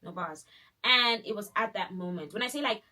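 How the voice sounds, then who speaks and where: A young woman, telling a dramatic personal story in a casual, animated way full of fillers. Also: a little high, brisk. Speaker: vlogger.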